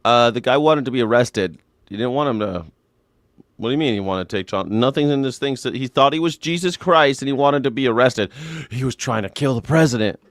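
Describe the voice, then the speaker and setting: A man's voice: mid-range voice, animated, brisk, no echo. A man hosting a live call-in show, ranting sarcastically and profanely about politics and mocking people in put-on voices.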